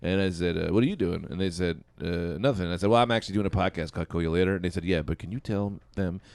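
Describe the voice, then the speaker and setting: A man co-hosting a comedy podcast, teasing the others and telling deadpan stories. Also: low voice, quick pace, gravelly, no room sound. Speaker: podcast co-host. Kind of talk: casual comedic banter.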